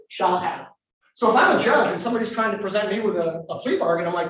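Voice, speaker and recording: A man's voice: sits high, animated, fast, pushed and bright. A man, a lawyer, giving a conversational, wry talk to a live audience and putting questions to them. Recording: echoey room from far off, dull sound.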